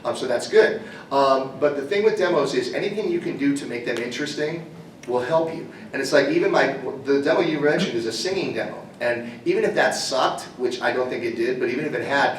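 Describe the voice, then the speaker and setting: Animated man telling stories in an echoey hall. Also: medium pitch, slight background noise. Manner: animated storyteller, quick jokes, slips into impressions. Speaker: voice actor panelist. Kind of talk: convention panel Q&A. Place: convention hall. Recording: echoey hall, mic far off.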